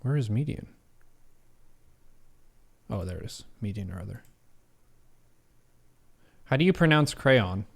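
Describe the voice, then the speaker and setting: A man's voice: fairly low pitch, animated, measured pace, vocal fry, pauses often. A man streaming live, reading quiz questions aloud and musing over each answer in a casual way. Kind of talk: casual livestream commentary.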